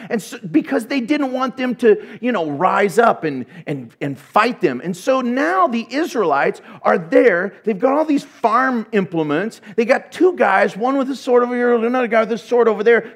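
A man preaching a sermon, retelling a story in an animated way with humorous asides. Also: high-pitched.

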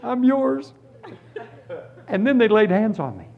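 Animated man preaching his testimony. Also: sits high, unhurried, gravelly, narrow, tinny audio. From Florida, US. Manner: animated storytelling, drops to hushed tones then bursts into shouts. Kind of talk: testimony sermon.

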